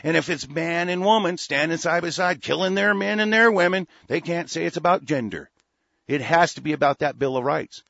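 A man's voice: fairly high pitch, fairly quick, creaky, fairly bright tone, no room sound, lo-fi sound. A man hosting a talk radio show, delivering a rambling, profane, heated monologue.

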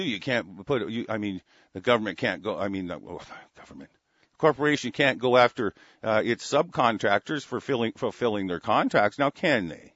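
A man's voice: mid-range voice, a bit bright, dry recording. A man in an angry, profane rant, talking in heated bursts with stammering restarts. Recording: dull lo-fi dry recording.

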